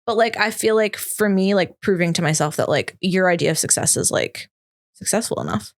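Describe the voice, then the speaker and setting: A woman's voice: mid-range voice, a little fast. A woman guest on a podcast, talking reflectively with lots of "like" and getting emotional. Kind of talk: casual chat.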